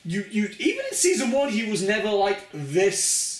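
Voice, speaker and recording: A high-pitched man chats excitedly about a video game, jumping into characters' lines as he goes. He sounds distant from the microphone in an echoey room. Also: normal speed. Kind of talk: casual chat. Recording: roomy, distant from the mic.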